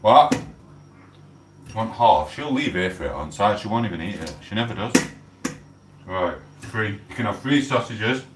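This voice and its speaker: A man's voice: fairly low pitch, lively intonation, moderate pace, long pauses. An English man rambling casually on a live stream while he cooks in his home kitchen. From England. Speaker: livestreamer. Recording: echoey room, mic at a distance, faint hum.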